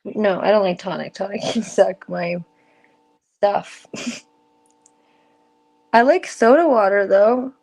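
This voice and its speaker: A young woman speaks casually from her room, stoned and loose, her voice sitting at a middle pitch. She rambles, laughs often and lets her sentences drift off unfinished. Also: takes it slowly, creaky, long pauses, a little mellow. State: stoned and giggly. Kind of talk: casual stream chat. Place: home room.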